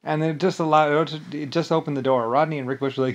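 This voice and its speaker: A vlogger rants angrily in a rambling monologue, agitated, swearing a lot, repeating himself, and restarting his sentences over and over. His voice is on the high side, steady in tone and fairly quick, and the sound is lo-fi.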